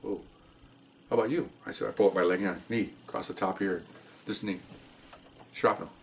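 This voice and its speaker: A man's voice: sits low, little pitch movement, brisk, slight background noise. An older man, a police officer, telling rambling stories in casual chat and often checking in with "okay?". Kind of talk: casual storytelling.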